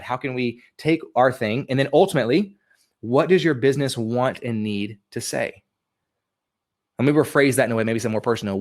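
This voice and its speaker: A man giving an energetic motivational webinar talk from home, repeating questions to coach his listeners. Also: medium pitch. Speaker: webinar speaker. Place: home room with a dog.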